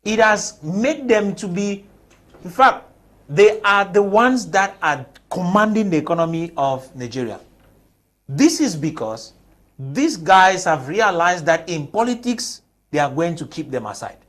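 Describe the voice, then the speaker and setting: Panelist, male, high voice, emphatic debater who leans on rhetorical questions in a TV studio. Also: animated, unhurried, a bit bright. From Cameroon. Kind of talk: TV panel discussion.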